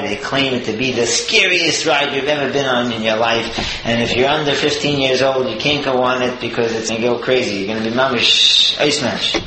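A man teaches a Torah lesson, earnest and explanatory, unpacking each verse phrase by phrase. His voice sits at an ordinary middle pitch. The room is echoey, with steady noise behind him.

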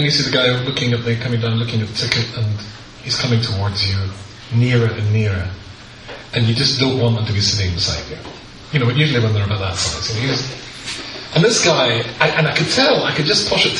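A middle-aged British rabbi telling a humorous anecdote to an audience, acting out the people in it. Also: male voice, mid-range voice, background noise. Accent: British English. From Britain. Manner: animated storyteller, acts out the people in the story. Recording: very roomy echo, speaker far from the mic, faint ambience.

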